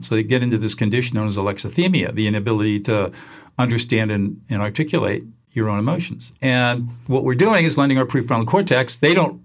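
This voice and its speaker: A man as a podcast guest, passionately teaching a conversation technique and acting out example exchanges. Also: mid-range voice. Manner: passionate, animated, acts out example dialogues. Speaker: guest expert.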